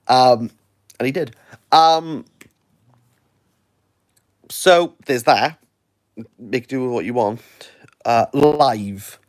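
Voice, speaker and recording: A man's voice: medium pitch, no echo, clean studio sound. A Welsh man reviewing books in a rambling, jokey, playfully sarcastic livestream chat into his phone. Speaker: book reviewer.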